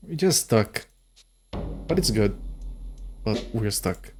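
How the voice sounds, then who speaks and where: A man's voice: on the low side, lively intonation, takes it slowly, darkish tone, faint music behind. A man streaming a game, chatting with viewers and thinking aloud in a rambling, casual way, sometimes swearing. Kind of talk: casual let's-play commentary.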